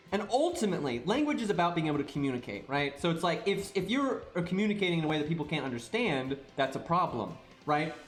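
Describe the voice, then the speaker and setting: A man's voice: a little high, echoey room. A man streaming live, ranting in a casual, profane way and tagging his points with "right?".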